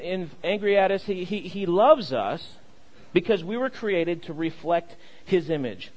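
A man's voice: high-pitched, darkish tone, poor audio. A young adult male pastor giving a sermon, repeating key phrases and leading the congregation in call and response, with frequent stammers and restarts.

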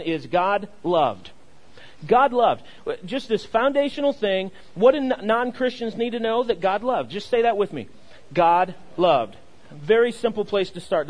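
A man's voice: high voice, darkish tone, poor audio. A young adult male pastor giving a sermon, repeating key phrases and leading the congregation in call and response, with frequent stammers and restarts.

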